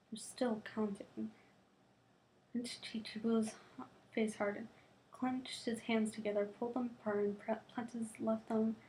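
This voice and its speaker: A woman's voice: a little high, mellow, slight background noise, poor audio. A young woman, a student, reading a novel aloud, often tripping and restarting words and adding casual asides. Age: young adult.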